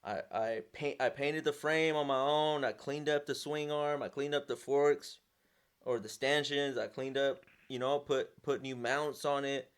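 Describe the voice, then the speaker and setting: A young man telling a story casually, animated and slangy, often restarting and repeating words. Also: medium pitch, a little slow, clear, resonant tone. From Southern California. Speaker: vlogger, sponsored motorcycle rider.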